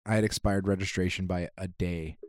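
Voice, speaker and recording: A man's voice: sits low, steady tone, a little fast, no room sound, clean studio sound. A man co-hosting a podcast, telling rambling stories in casual chat with restarts and the odd swear. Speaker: podcast co-host.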